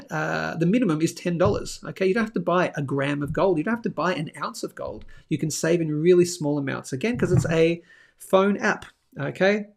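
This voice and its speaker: A man hosts a live show in a relaxed, chatty way. He keeps checking in with the audience as he talks. His voice sits a little high and has a gravelly edge. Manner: chatty, animated, lots of "okay?" asides. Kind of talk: casual live-stream talk with sponsor reads.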